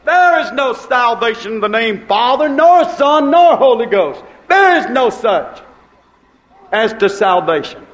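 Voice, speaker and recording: A male preacher delivering a sermon with emphatic, repetitive phrasing and sudden swings between soft and loud delivery. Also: very high voice, sing-song, a little slow, rough recording.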